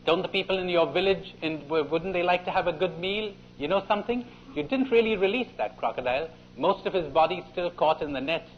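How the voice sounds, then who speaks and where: A quick-witted rabbit, as a man puts him on, brisk and cunning. The voice jumps high above the man's usual pitch. The cassette is muffled, with light hiss. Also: lightly acted. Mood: sly.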